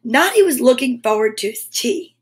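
A woman's voice: a little high, expressive, moderate pace. A woman hosting a children's story show, reading a picture book aloud and adding chatty asides to young listeners.

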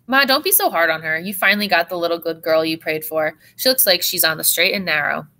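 A woman's voice: fairly low pitch, fast talker, pushed and bright. A woman reading aloud as a teenage girl who talks in a blunt, teasing way.

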